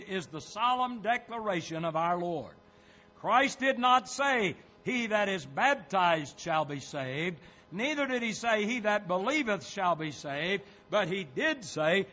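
A man's voice: sits high, bright, forceful tone, muffled recording. A man preaching a sermon, pressing hard on quoted scripture as he reads it. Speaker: pastor.

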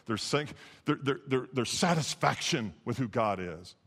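A man preaching a sermon as pastor, impassioned, swinging from hushed lines to emphatic ones. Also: mid-range voice, animated, a little slow, long reverb tail. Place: church sanctuary.

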